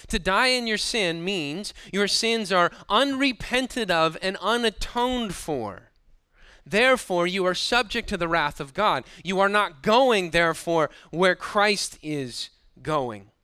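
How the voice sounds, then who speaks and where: A man's voice: sits high, lively intonation, slow pace, sharp tone, clean tone, dry recording. A man preaching a sermon, building emphasis and dropping into sarcastic asides. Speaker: pastor.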